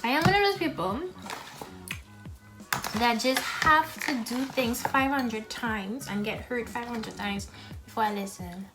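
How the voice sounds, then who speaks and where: A young woman with a voice on the high side speaks at a measured pace over music. A mukbang vlogger, she films herself eating at home and chats bluntly and frankly to the camera between bites.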